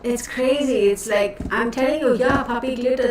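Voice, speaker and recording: A woman's voice: on the high side, moderate pace. A chatty woman runs a casual live stream and rambles to her viewers, calling them y'all. Her voice bounces around a heavily echoing room and sits well back from the microphone. A faint hiss runs underneath. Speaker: tarot reader hosting a live stream. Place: cluttered home room she works from. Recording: echoey room, voice distant from mic, faint noise.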